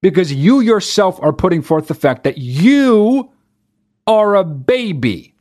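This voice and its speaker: A man's voice: high voice, big pitch swings, slow, a little mellow. A man hosting a comedy commentary show, reading a news article aloud and reacting with sarcastic, profane disbelief. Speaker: show host.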